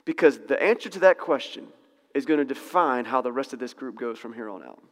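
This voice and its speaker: A man teaching a Bible passage in a relaxed, conversational way, correcting himself and laughing in asides. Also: medium pitch, brisk, in a large hall.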